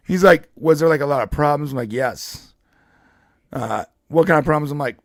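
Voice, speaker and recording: Guy rambling thru a story on a podcast, kinda high voice, lots of restarts, dry sound. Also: normal speed, gravelly, long pauses, no room sound. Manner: rambling, animated, frequent restarts and laughs. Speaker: podcast co-host. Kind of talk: casual storytelling chat.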